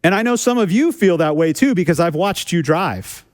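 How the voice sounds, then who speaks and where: Smooth-voiced pastor telling stories. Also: male voice, sits high, lively intonation, moderate pace. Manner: conversational storytelling with self-deprecating humor; repeats phrases for emphasis. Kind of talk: sermon. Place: church sanctuary.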